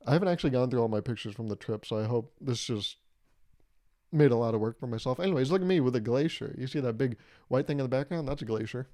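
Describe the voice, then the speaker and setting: A man's voice: mid-range voice, fast, mellow. A young man hosting a casual solo podcast, rambling through a story and laughing at his own jokes. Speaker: podcast host.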